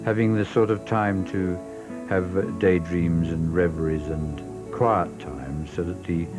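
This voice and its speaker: A man, an artist, speaking in a thoughtful, measured and slightly self-deprecating way in an interview. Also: low-pitched, fairly even intonation, music in the background. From Britain. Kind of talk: reflective interview.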